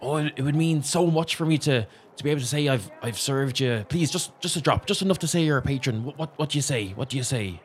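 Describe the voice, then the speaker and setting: A man's voice: mid-range voice, quick pace, few pauses, a little hiss or hum, voice pushed up, natural voice. A man voicing an overeager, fawning male innkeeper who pushes drinks on soldiers. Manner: fawning, pushy.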